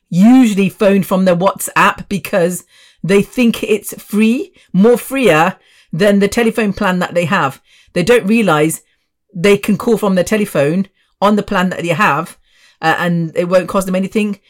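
A woman in her fifties hosting her own podcast, chatty and rambling with asides. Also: lowish voice. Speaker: podcast host. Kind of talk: casual solo podcast chat.

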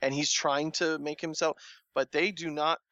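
Man, podcast co-host, gravelly voice, casual chat, dull lo-fi dry recording. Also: fairly high pitch, level tone, normal speed, fairly bright tone, no echo. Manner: laid-back, tired late-night talk with frequent fillers.

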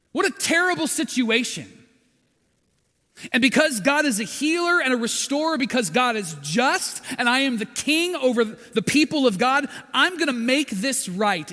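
A man preaching a sermon, retelling a story dramatically with big swings from hushed to loud. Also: high-pitched, big-room sound. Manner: dramatic storytelling, acting out quotes with swings in volume.

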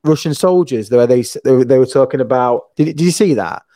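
A man in casual chat, earnest and questioning, with halting restarts. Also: medium pitch, animated, warm tone, no room sound.

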